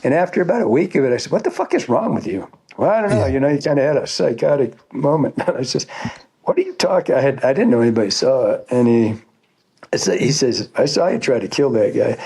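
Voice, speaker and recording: A man's voice: medium pitch, expressive, fast talker, vocal fry, dark tone, slightly rough. A man telling fishing guide stories in a casual, rambling way, swearing often and laughing as he goes. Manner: rambling, profane, laughing storyteller. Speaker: fly fishing guide, podcast guest. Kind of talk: casual storytelling.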